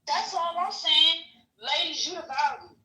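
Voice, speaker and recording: A woman with a very high, piercing voice, ranting hard on a live stream and lecturing the men listening. She swears constantly and keeps dropping into a low, mocking voice to quote them. She sounds set back from the mic in an echoey room. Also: a little slow, pushed and bright, far from the mic. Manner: profane, preachy, mocking men in a put-on low voice. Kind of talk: heated live-stream rant.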